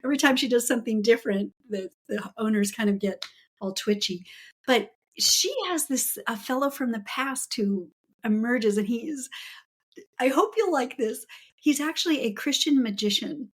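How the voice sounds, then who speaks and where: Husky-voiced woman author, enthusiastic. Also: on the high side, moderate pace. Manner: enthusiastic storytelling, laughs often. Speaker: author guest. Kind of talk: casual interview chat.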